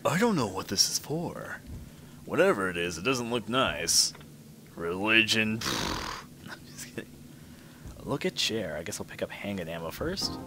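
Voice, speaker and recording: A man's voice: lowish voice, very animated, normal speed, pushed and bright, a little hiss or hum. A man giving commentary while playing a horror game, reading the on-screen text aloud and musing to himself. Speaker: let's play commentator. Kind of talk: gameplay commentary. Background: game music.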